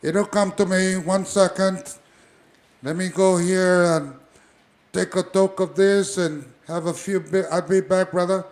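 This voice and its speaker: A man's voice: high-pitched, steady tone, a little mellow, voice pushed up. A man doing an impression of a friendly, spacey veteran male wrestler who calls everyone brother. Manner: calls people brother, slow rambling lines.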